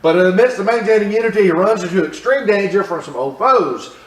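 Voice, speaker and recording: Animated male Bible teacher, roomy church. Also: high-pitched, quick pace, slight background noise. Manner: animated, asks the class questions, repeats phrases. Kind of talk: Bible class teaching with audience questions. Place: church room. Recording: roomy echo, mic at a distance.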